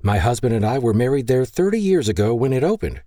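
A man's voice: medium pitch, very animated, quick pace, mellow, no room sound, clean studio sound, pitched above the performer's own voice, lightly acted. A man voicing a polite, chatty older woman on a shuttle.

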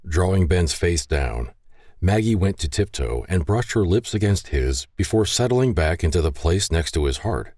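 A man narrating a novel in a very deep voice. His delivery swings widely in pitch and stays expressive. The sound is close and dry, with no room. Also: moderate pace, dry recording. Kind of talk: scripted audiobook narration.

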